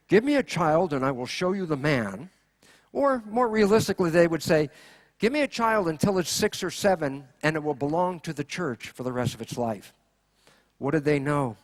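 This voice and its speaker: High-voiced man giving a lively lecture. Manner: animated, rhetorical questions, acts out quoted voices. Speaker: conference speaker. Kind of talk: keynote lecture.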